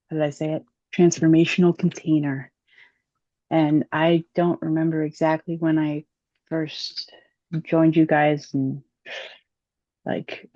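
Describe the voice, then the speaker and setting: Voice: medium pitch, dark tone, no room sound. A community member casually sharing on a video call, chatty and a little slurred. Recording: dull call audio, distant from mic.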